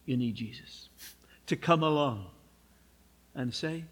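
A man preaching a sermon, emphatic and unhurried, with humorous personal asides. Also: medium pitch, vocal fry, a bit bright, husky. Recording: long hall reverb.

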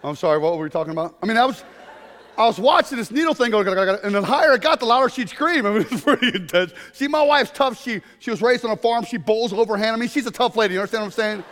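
A man preaching a humorous sermon to a congregation, telling stories in an animated way with bursts of shouting. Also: very high-pitched, very fast, in a large hall. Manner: animated storytelling with comic shouted outbursts. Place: congregation in a room.

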